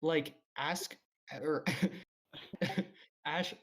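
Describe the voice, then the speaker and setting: A man's voice: fairly high pitch, drawn-out words. Young man telling stories on a podcast. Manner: animated storyteller, laughs mid-sentence. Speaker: podcast co-host. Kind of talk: casual chat.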